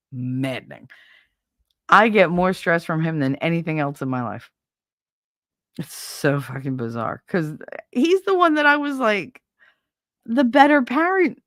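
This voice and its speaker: A woman's voice: deep voice, fairly bright tone, no room sound, clean studio sound. A middle-aged woman hosting a casual livestream, venting bluntly and profanely about her kids and household chores. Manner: blunt, profane, exasperated ranting. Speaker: livestream host.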